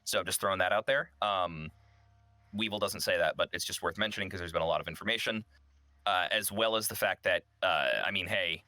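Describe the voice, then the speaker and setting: Rambling man with a bright, dry voice. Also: sits low, brisk, no echo. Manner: rambling, with many ums and restarts. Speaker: tabletop game player. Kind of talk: casual tabletop game chat.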